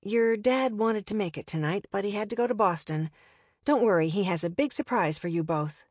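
A woman's voice: medium pitch, animated, moderate pace, darkish tone, dry recording, studio quality, lightly acted. A woman reading an audiobook and voicing a capable adult mother who talks reassuringly to her kids.

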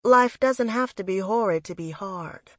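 A woman's voice: medium pitch, unhurried, a bit bright, dry recording, clean studio sound. A woman reading a first-person story aloud in a reflective, wistful manner. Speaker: audiobook narrator. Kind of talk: first-person scripted narration.

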